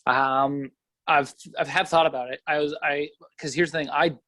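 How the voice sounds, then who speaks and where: Young canadian comedian dude, swears a lot, rambles, dry close sound. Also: male voice, fairly high pitch, fairly even intonation, normal speed, sharp tone, dry recording. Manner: profane, rambling storyteller. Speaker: comedian guest. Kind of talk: casual podcast chat.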